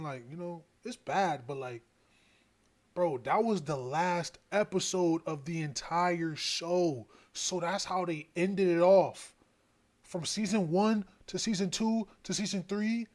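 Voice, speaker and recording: A man's voice: high voice, a little mellow. A man reacting to a show in a casual, exasperated way, slangy and swearing. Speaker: show reviewer.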